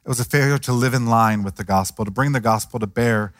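A man's voice: medium pitch, fast talker, no room sound, studio quality. A man preaching a sermon in a conversational way, acting out the voices of the people he quotes. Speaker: pastor.

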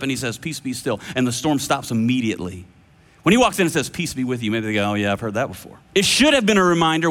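A man preaches a sermon in a conversational way, putting questions to his listeners and slowing down to stress key words. His voice sits fairly high for a man. The recording has the long reverb of a big hall. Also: a bit bright. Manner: conversational, asks listeners questions, slows for emphasis. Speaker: pastor and podcast host.

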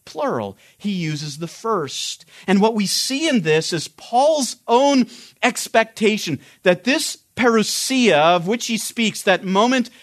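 High-voiced man teaching a Bible study. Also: animated, slow. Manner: earnest, explanatory, with frequent restarts.

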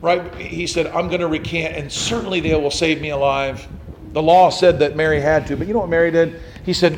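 A man's voice: fairly high pitch, steady tone, brisk, slight background noise. A man preaching a sermon, telling a story and acting out the quotes with rising intensity. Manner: dramatic, acts out quotes, rising to intense emphasis. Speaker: pastor.

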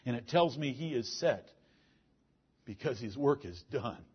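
Husky preacher man going hard, loud then low and intense, muffled old recording. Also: animated, unhurried. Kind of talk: fiery sermon.

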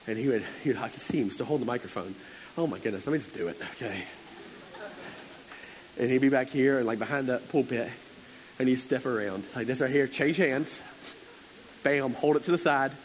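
A man's voice: medium pitch, slight background noise, low-quality recording. A man preaching a conversational sermon, telling stories in a chatty, playful way with lots of fillers and acted-out quotes.

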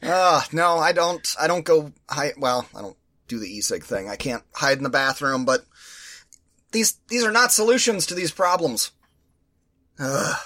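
A man's voice: fairly high pitch, moderate pace. A man co-hosting a podcast, ranting sarcastically in casual chat and mimicking the people who annoyed him. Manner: ranting, sarcastic, animated quoting of others. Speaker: podcast co-host.

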